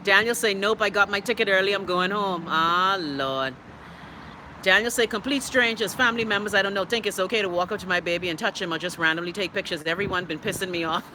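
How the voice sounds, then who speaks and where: A middle-aged Bahamian woman hosts a live stream, reacting to viewer comments in a blunt, emphatic and profane way. Her voice is bright and forceful. Faint traffic noise sits in the background. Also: mid-range voice, fast. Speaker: host.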